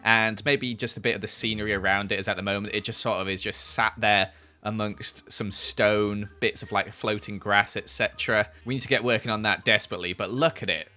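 Bright-voiced chatty young man. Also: fairly low pitch, brisk. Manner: chatty and excitable, exclaims a lot. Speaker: gaming YouTuber. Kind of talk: casual gameplay commentary.

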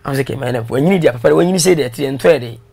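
Gravelly guy chatting in an interview, lively storyteller, drops english bits. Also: mid-range voice, fast. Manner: animated storyteller, laughs, mixes in English. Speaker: guest. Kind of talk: casual interview talk.

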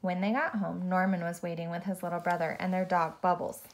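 A woman's voice: fairly low pitch, level tone, fairly quick. Woman reading a children's book aloud. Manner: gentle storytime reading with small slips.

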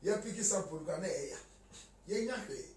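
A man talking in a lively mix of Twi and English as a guest in a casual chat. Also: high voice, moderate pace, recorded from a distance. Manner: animated, switches between Twi and English. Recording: echoey room, voice from off-mic.

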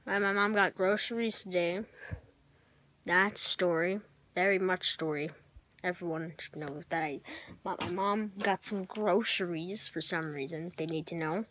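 A woman's voice: fairly low pitch, fairly even intonation, measured pace, fairly bright tone. A girl vlogging from her bedroom, rambling and self-mocking, often sighing and dropping to a whisper. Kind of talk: rambling casual vlog to camera. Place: bedroom, on a bunk bed.

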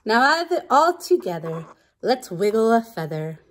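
A woman's voice: mid-range voice, very animated, measured pace. A young woman teacher reading a picture book aloud to preschoolers in a playful, sing-song way, stretching out the sound words. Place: outdoors for the movement part.

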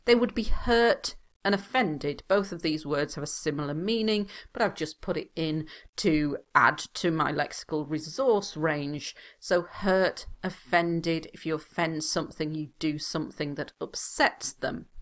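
Woman, low-pitched exam teacher, clear explanatory delivery with punchy emphasis. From United Kingdom. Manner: clear, explanatory, stresses key words. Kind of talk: recorded language lesson.

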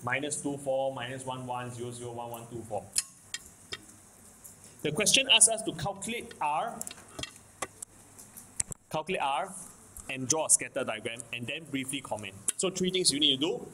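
A man's voice: medium pitch, moderate pace, pauses often, noisy background. A man with a Singaporean English accent giving a math lecture, repeating key points and checking in with the class often. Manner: repetitive, keeps checking in with "okay? can?". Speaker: math teacher.

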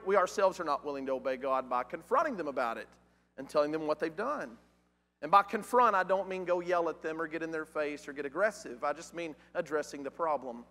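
A man's voice: high voice, pushed and bright. A man preaching a sermon in a church, asking questions and reading scripture aloud with emphasis. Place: church sanctuary. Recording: church hall with long reverb.

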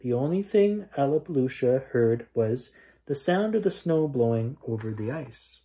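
A man's voice: mid-range voice, unhurried. Man reading a bedtime story aloud. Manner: animated reading, raises voice for yelled lines. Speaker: storyteller reading a children's book. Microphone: camera mic, close to the camera.

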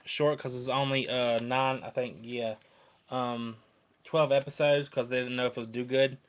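A man's voice: medium pitch, level tone, moderate pace. A young man with a Southern accent vlogs casually to his viewers. He rambles, repeats himself and speaks with open, earnest feeling. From North Carolina, US. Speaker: vlogger. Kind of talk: casual rambling vlog to camera.

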